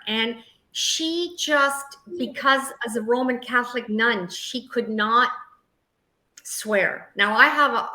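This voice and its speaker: A woman guest mentor telling stories in an interview, acting out the quotes with lively pitch shifts. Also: roomy sound, low-quality recording. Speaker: guest, emotional healing mentor. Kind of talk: storytelling in a podcast interview.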